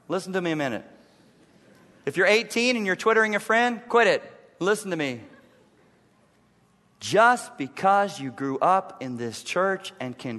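A man delivers a forceful sermon in a large church sanctuary, driving home key lines through repetition and at times dropping to an intense, quiet murmur.

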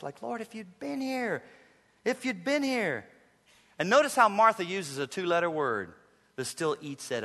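Male pastor, high and bright, dramatic sermon delivery with hushed drops, long church-hall reverb. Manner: dramatic preaching, swings from loud emphasis to hushed low passages.

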